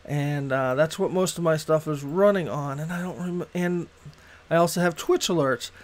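A man's voice: on the high side, normal speed. A middle-aged man from Boston chatting casually on a gaming livestream, rambling with plenty of filler and swearing freely. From Boston, USA. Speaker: game streamer.

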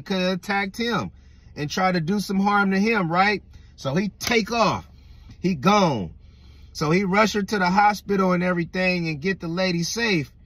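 A young man telling a spooky story in a casual, animated way, swearing often and checking in with the listener. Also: high voice, slight background noise. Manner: animated, swears a lot, keeps asking "right?". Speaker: vlogger.

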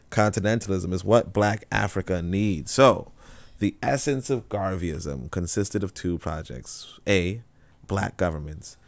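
A man with a deep, low voice hosts his own livestream, reading passages aloud in a slow, deliberate way. Between the quotes he drifts into relaxed, rambling talk full of fillers. The sound is dry, with no room echo. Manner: reads quotes slowly and deliberately, then chats loosely with fillers. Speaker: livestream host reading and commenting on an essay. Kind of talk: live-streamed reading with casual commentary.

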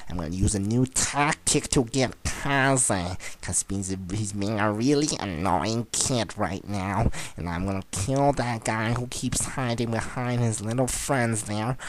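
A teenage boy giving gameplay commentary, boastful and trash-talking, bursting into shrill yelling. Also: noisy background. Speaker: gamer commentator.

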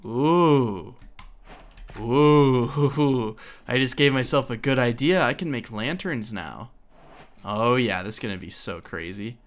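A man's voice: medium pitch, moderate pace, a bit bright. A young man from Oklahoma chatting casually while playing a building game, thinking aloud and correcting himself as he goes. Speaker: Minecraft let's play host. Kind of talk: casual gameplay commentary.

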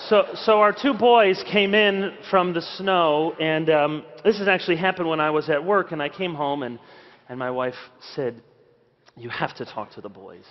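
Guy preaching at a conference, high voice, kinda muffled recording, acts out his kids' lines. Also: normal speed, long reverb tail, slight background noise. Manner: animated storyteller, acts out his children's lines. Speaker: pastor. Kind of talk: conference sermon with storytelling. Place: large conference hall.

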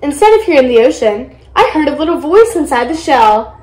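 A young woman with a high voice reads a children's picture book aloud in a lively way. Her voice rings around an echoey room. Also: a little fast. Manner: lively, voices characters with excited high exclamations. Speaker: storybook reader.

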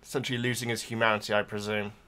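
A man's voice: fairly low pitch, flat delivery, very fast. A man hosting a reaction channel, talking in a casual, emotional and rambling way with lots of restarts.

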